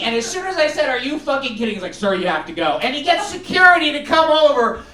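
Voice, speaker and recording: A man's voice: extremely high pitch, a bit bright. A man from the United States doing a stand-up comedy set, swearing freely and rambling, laughing at his own lines as he goes. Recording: roomy sound picked up from a distance.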